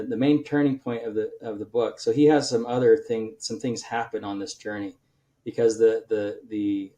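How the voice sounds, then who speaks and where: A man's voice: fairly low pitch, dark tone. A male author on a podcast, retelling his book's plot in a rambling way with many restarts and fillers. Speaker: author guest. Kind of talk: casual podcast interview.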